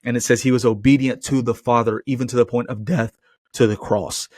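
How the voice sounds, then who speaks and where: A man's voice: mid-range voice, fairly even intonation, brisk, a little mellow, no echo, studio quality. Earnest man preaching, conversational. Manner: earnest and conversational, often asking "right?". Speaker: podcast host and Christian teacher. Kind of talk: casual preaching monologue.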